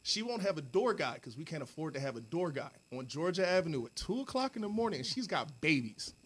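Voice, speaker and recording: Profane, animated man telling a bar story. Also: a little high, quick pace, breathy edge. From United States. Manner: profane, animated, quotes people in put-on voices. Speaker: podcast co-host. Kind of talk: casual storytelling with friends.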